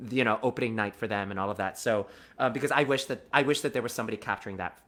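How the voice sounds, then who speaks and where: A man being interviewed as a theater actor, telling animated anecdotes and often restarting his sentences. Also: on the low side. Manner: animated, quick-talking anecdotes with many restarts. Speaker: guest, musical theater actor. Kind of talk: conversational interview storytelling.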